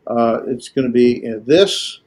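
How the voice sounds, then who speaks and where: A man teaching a language class, lecturing in a halting way with many filler pauses. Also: medium pitch, a little mellow. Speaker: Greek teacher.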